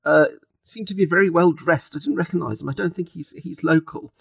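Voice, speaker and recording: Lady putting on a scared british coffin maker guy, stammers a lot, kinda husky and dry. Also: lowish voice, brisk, dry recording. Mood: nervous. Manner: hesitant, stammering, fearful. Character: nervous middle-aged male coffin maker.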